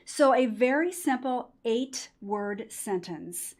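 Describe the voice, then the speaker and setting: A woman's voice: a little high, expressive, slow, a little mellow. A woman trainer in an interview, explaining points emphatically and acting out quoted lines. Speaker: patient-experience trainer. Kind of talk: interview conversation.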